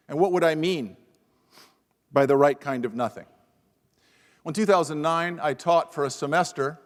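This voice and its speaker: A man on a lapel mic telling a self-deprecating story with wry humor as a professor on a panel. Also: a little high. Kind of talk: humorous anecdotal talk at a panel event. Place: university event hall. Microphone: lapel microphone. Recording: long reverb of a large hall.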